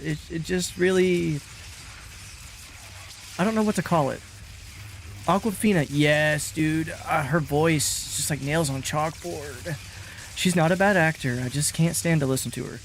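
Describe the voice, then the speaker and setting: A man's voice: a little high, a little slow, pauses often, slight background noise. A man streaming a game, chatting casually in a rambling, self-mocking way and swearing freely. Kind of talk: casual gaming commentary.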